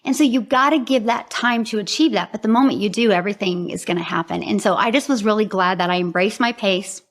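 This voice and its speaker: An upbeat middle-aged woman with a medium-pitched voice. She talks with eager emphasis and laughs often, moving from chatty interview answers to a direct sales pitch. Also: quick pace. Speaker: program founder and presenter.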